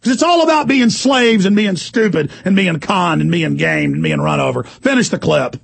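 Gravelly hoarse radio host ranting. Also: male voice, high voice, sing-song, normal speed. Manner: fiery, sarcastic, shouting outbursts. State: hoarse from screaming. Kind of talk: heated talk radio ranting.

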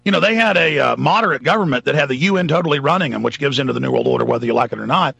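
A man's voice: medium pitch, lively intonation, very fast, vocal fry, fairly bright tone, slightly rough, dry recording. A man hosting a talk radio show, delivering an emphatic, ranting monologue. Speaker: radio host.

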